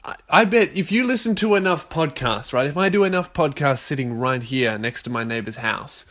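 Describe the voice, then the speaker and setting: A man in his twenties with an Australian accent, hosting a casual solo podcast from his bedroom, swearing freely and ranting in loud bursts. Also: medium pitch, expressive, normal speed. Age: 20s. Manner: profane, ranting, loud outbursts. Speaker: podcast host.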